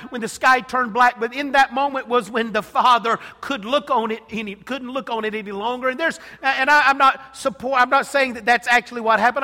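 Male preacher, high bright voice, impassioned sermon delivery, long hall reverb. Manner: impassioned, swinging from hushed to loud.

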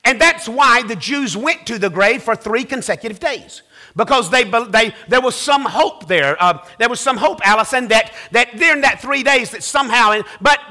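A man preaching a sermon to a church congregation, repeating his phrases and building up to shouting. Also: sits high. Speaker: pastor.

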